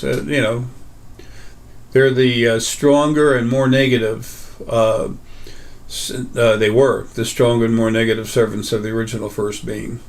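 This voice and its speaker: Rambling man in a casual monologue. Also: mid-range voice. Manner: rambling, many fillers and restarts. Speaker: host.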